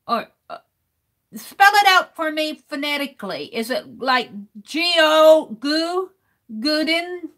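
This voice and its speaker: Reading the chat on her live stream, a middle-aged woman artist spells words out letter by letter and laughs frequently as she works. Her high-pitched voice is very animated and sharp, and she keeps a slow pace in this casual talk.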